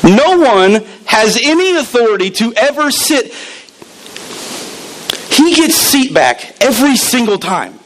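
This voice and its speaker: A man's voice: very high voice, big pitch swings, slow pace, a little hiss or hum, poor audio. A man preaching a sermon as pastor, emphatic and repeating key words, acting out the voices he quotes.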